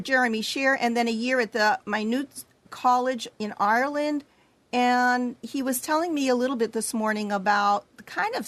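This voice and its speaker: Woman host, chatty, a bit higher-pitched, dry recording. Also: no echo. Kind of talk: introducing a guest.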